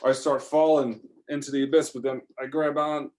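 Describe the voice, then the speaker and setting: A man telling an improvised first-person adventure story in a rambling, excitable way, full of fillers and restarts. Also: mid-range voice, normal speed.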